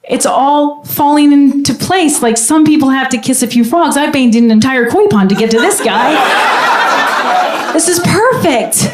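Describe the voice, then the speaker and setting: A woman telling a stand-up comedy story, animated and jumping in pitch. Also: normal speed. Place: comedy club stage. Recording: echoey club room, audience noise.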